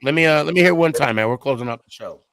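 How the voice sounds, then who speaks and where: A man's voice: a little high, very fast, a crowd in the background. Laid-back man hosting a podcast. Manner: laid-back, slangy, thanks guests warmly. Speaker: podcast host. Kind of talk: casual call-in chat.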